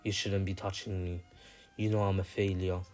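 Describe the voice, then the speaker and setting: A man's voice: low-pitched, flat delivery, moderate pace, darkish tone, soft background music, natural voice. A man voicing a despairing young male ninja who calls himself a failure, speaking bitterly and repeating himself.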